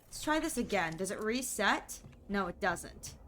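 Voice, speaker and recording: A woman's voice: medium pitch, very animated, unhurried, a bit bright, faint music behind. A woman streamer playing a game, thinking aloud in a playful, casual way. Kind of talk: casual game commentary reading game text.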